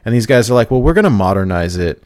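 A man casually telling a long story on a podcast, excited and laughing as he goes, often acting out quotes. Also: lowish voice, quick pace, no room sound, studio quality. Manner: animated storytelling, laughs, mimics people in quotes. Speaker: podcast host.

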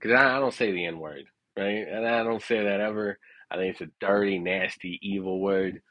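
A man with a somewhat low voice spins a casual, rambling story, swearing freely and often asking "you know what I'm saying?" He talks loosely and conversationally and chuckles at his own anecdote. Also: normal speed, fairly bright tone, dry recording.

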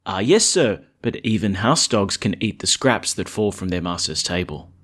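A man's voice: low voice, lively intonation, moderate pace, fairly bright tone, pitched below the performer's own voice. A man reading the lines of a pleading Canaanite mother in a scripture reading.

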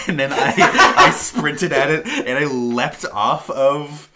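A man's voice: medium pitch, a little slow, few pauses, background noise. A young man co-hosting a podcast in casual chat, laid-back, laughing often and saying "like" a lot. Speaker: podcast co-host.

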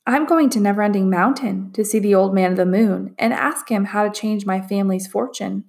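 A kind, curious young girl who talks earnestly and reassuringly , as a woman reads her aloud. Her voice has a touch of fry, sitting around mid-pitch. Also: fairly quick, a little mellow, lightly acted.

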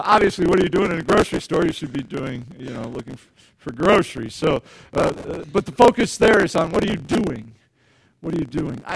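A man's voice: sits high, creaky, a bit bright, breathy edge, no room sound, rough recording. A male pastor giving a conversational sermon, often repeating words and putting questions to the congregation.

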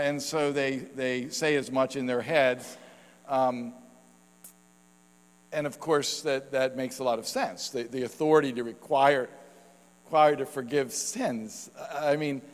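A male pastor giving a sermon in a relaxed, conversational way, often using fillers and short laughs. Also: fairly high pitch, in a large hall, low-quality recording.

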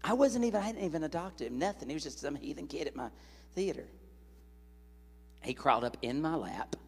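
A man preaching a sermon in a large church hall, an animated, joking storyteller speaking into a stage microphone. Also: a little high, fairly quick, slightly rough.

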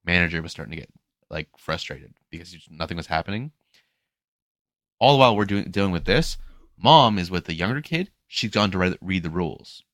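A man's voice: low voice, lively intonation, fairly quick, a bit bright, no room sound. A man hosting a podcast, casually retelling a story from his lifeguard job and mimicking the people in it, with some casual swearing. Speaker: podcast host and pool lifeguard.

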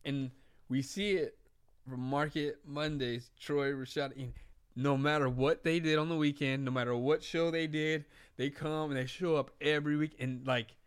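A man's voice: a little high, fairly even intonation, moderate pace, smooth. A man talking as a podcast guest about investing, emphatic and repetitive, filling his speech with "like" and "you know what I'm saying.". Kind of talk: casual chat.

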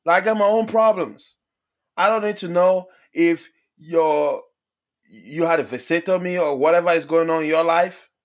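A man's voice: a little high, moderate pace. A young man in casual podcast chat, exasperated and swearing as he complains.

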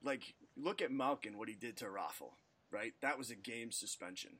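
A man co-hosting a casual sports podcast, talking in a measured and analytical way. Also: on the low side, sharp tone. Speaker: podcast co-host.

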